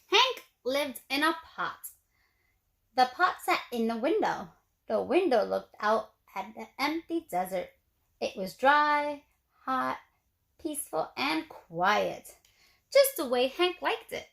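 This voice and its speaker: Expressive teacher reading a storybook. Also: female voice, high-pitched, creaky. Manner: slow, gentle, expressive. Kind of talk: storybook read-aloud for children.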